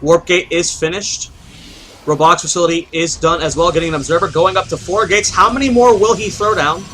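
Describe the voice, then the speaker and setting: His voice is fairly high and sharp-toned, and he speaks a little fast. He's an esports caster doing solo play-by-play of a strategy game match, chatty and explanatory, thinking aloud and quizzing himself; the low-quality recording has a little hiss or hum.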